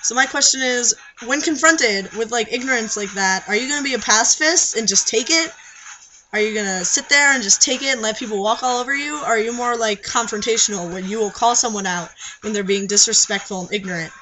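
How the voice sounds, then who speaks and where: A man's voice: high-pitched, fairly quick, bright, forceful tone, slight background noise, poor audio. A young man, chatting casually to camera for a vlog, rambling with lots of fillers and restarts. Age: young adult. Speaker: vlogger. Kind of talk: casual confessional vlog chat.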